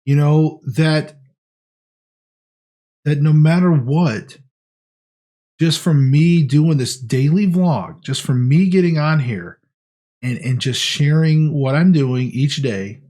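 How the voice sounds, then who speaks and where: A man's voice: fairly high pitch, slow pace, pauses often, mellow. A man talking casually in a diet vlog, earnest and rambling with frequent restarts. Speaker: vlogger.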